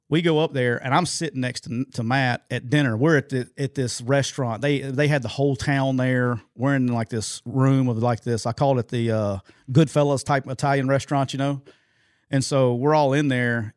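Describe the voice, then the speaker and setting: A man's voice: medium pitch, no echo. Dry-sounding man telling a rambling story. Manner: rambling anecdotal storyteller, many fillers and restarts. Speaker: podcast co-host. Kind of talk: casual sports podcast storytelling.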